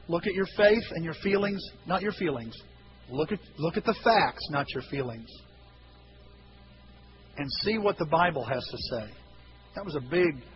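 Animated high-voiced pastor preaching. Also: male voice. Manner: animated storytelling, acting out voices with shouts. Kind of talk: sermon. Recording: dull lo-fi recording with hiss.

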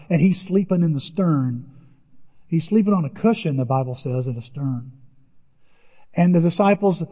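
An older man with a rather high voice preaches in an animated way and leaps up in pitch whenever he acts out a quoted line. The sound is muffled and lo-fi, and a long hall reverb trails after each phrase. He comes across as a pastor speaking from the front of a church. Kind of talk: sermon.

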